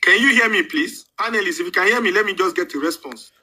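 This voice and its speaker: Nigerian male panel host, high and bright voice, emphatic and repetitive delivery with bits of pidgin. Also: quick pace, low-quality recording. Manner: emphatic, repeats points, switches into pidgin. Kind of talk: live online panel commentary.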